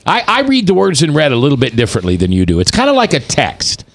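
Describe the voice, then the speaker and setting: A man's voice: on the high side, wildly swooping pitch, fast, creaky, fairly bright tone. A man in his fifties hosting a talk radio show, delivering preachy commentary and acting out the quotes he reads. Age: 50s. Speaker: radio host.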